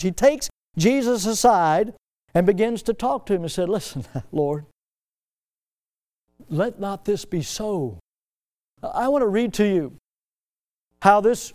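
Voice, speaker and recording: Smooth-voiced high-pitched male preacher. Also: warm tone. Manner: emotional, emphatic preaching with dramatic swings in pitch and volume. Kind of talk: sermon.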